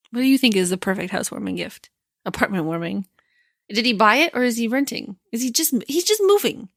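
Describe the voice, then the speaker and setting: A woman's voice: a little high, big pitch swings, normal speed, creaky, long pauses, dry recording, clean studio sound. A woman co-hosting a podcast in casual chat, teasing and laughing often. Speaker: podcast co-host.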